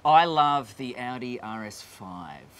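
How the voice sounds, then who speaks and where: A man's voice: slow, a little hiss or hum. A man, a game show announcer, chatting casually and jokily in an interview at a coffee shop, now and then switching into a big announcer voice. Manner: relaxed, jokey, slips into booming announcer delivery.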